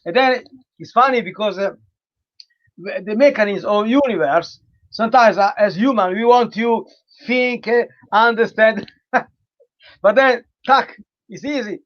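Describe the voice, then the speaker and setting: High-voiced hesitant man on a dull call line. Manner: hesitant, many fillers, halting non-native phrasing. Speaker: interview host, relationship coach. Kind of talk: hosting a live online interview. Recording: dull lo-fi online call audio.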